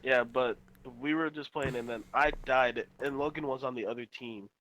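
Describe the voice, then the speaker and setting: A man's voice: mid-range voice, normal speed, fairly bright tone, poor audio. A young man co-hosting a podcast, telling a rambling gaming story with lots of swearing and restarts. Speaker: podcast co-host. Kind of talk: casual chat.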